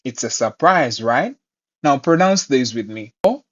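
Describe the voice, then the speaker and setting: In an online language class, a Mandarin teacher guides his learners with encouragement and patience, speaking in unhurried, careful phrases. His middle-pitched voice has lively intonation. Sound quality is a bit dull and lo-fi.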